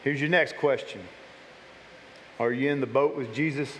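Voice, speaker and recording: A man's voice: mid-range voice, steady tone, moderate pace, a bit bright, slight background noise. A man preaching a casual, conversational sermon to his church, often repeating and restarting his words. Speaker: pastor. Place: church sanctuary. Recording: long hall reverb.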